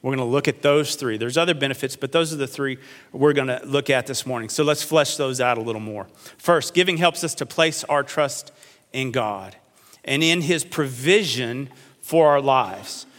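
A pastor delivering a sermon, earnest, slowing down to stretch key phrases. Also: male voice, medium pitch, fairly bright tone. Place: church sanctuary. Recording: long hall reverb.

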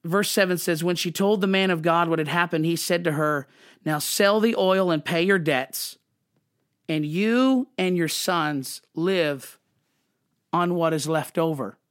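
A man hosting a podcast, talking fervently and emotionally in a preachy devotional way, quick, then slowing on emphatic words. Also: a little high, fairly bright tone, clear, resonant tone, no room sound, clean studio sound. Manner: fervent and emotional, restarts and apologizes. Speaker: podcast host.

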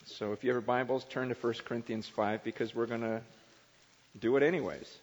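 A man's voice: mid-range voice, fairly even intonation, brisk. A middle-aged man preaching a sermon as pastor, conversational and self-mocking, acting out little quoted voices. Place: large church hall. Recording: dull sermon recording in a reverberant hall.

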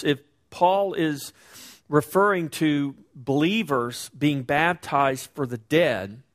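A middle-aged man preaches a Bible-teaching sermon in an easy, conversational voice that sits a little higher than most men's. He slows down and leans on single words when he wants the congregation to notice them. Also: fairly bright tone. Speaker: pastor.

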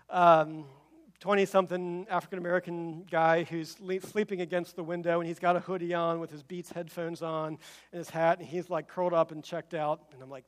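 A male pastor preaching a sermon, telling a personal story and acting out the voices of the people in it, then urging his listeners. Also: high-pitched. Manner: animated storytelling, acts out quoted voices; rising to emphatic exhortation.

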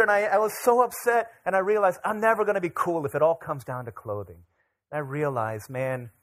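A middle-aged man, a pastor, preaching a casual sermon full of personal stories, acting out the voices of the people in them. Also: on the high side. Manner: animated, acts out voices of people in his stories. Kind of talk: storytelling sermon.

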